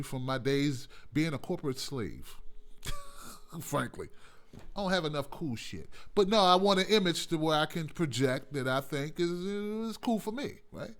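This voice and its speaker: A man hosting a call-in show, talking in an animated, rambling, profane monologue, often laughing. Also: high voice. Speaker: host.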